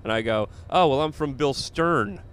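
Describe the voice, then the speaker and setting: A man's voice: mid-range voice, moderate pace, fairly bright tone. A man, a comedian, telling a funny story in casual chat and laughing along as he goes. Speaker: comedian and podcast host.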